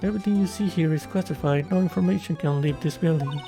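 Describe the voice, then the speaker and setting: A gamer voicing a stiff, mechanical female company director who talks in clipped, formal sentences. The voice is gravelly, and game music plays loudly underneath. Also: mid-range voice, quick pace, lightly acted. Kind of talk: reading game dialogue aloud.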